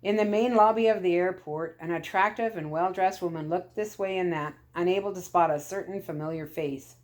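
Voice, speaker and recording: A woman storyteller reading a children's chapter book aloud, calm and steady. Her voice sits on the low side for a woman, even and unhurried.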